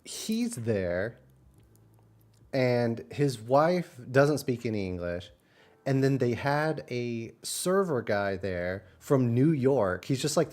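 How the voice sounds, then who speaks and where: A man's voice: mid-range voice, a little mellow. A man from Texas chatting casually on a stream. His mid-range voice wanders through the story with plenty of fillers and restarts. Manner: rambling storytelling with many fillers. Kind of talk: casual chat.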